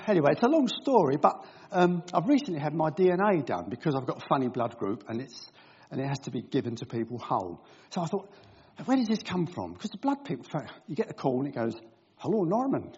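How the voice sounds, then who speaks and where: An older man at a gathering reads a Bible passage, then gives a humorous, self-deprecating talk packed with anecdotes and voices. His voice is on the high side, darkish, with a breathy edge, captured in a dull lo-fi recording.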